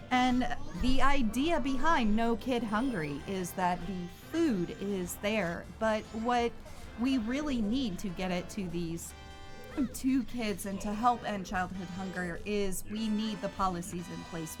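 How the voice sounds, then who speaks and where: A woman from Iowa co-hosting a charity gaming stream, chatting easily and making a donation appeal. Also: mid-range voice. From Iowa, United States. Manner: easygoing, laughs often, earnest when appealing. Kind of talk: casual chat and charity appeal. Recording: music playing underneath.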